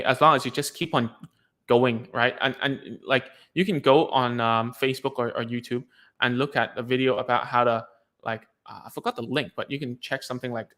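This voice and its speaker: A speech therapy coach answers parents' questions in a casual advice video, using a medium-pitched, fairly bright voice. His delivery is loose and chatty, with frequent fillers, restarts, and slang such as "dude."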